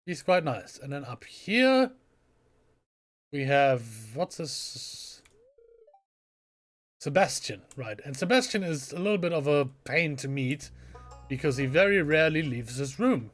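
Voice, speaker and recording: A man's voice: on the high side, big pitch swings, unhurried, long pauses. A man giving casual, chatty let's play commentary with a self-deprecating streak, reading game lines aloud. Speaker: gaming channel host.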